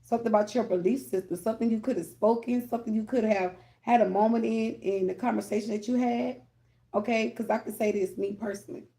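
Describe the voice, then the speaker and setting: A woman with a gravelly, warm voice talks straight to her viewers as a tarot reader. She rambles candidly and keeps checking in with them between thoughts. Her tone stays mellow and informal throughout. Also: a little high, fairly even intonation, fast. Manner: candid, rambling, addresses viewers with "y'all" and "okay?". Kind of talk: casual spiritual talk to viewers.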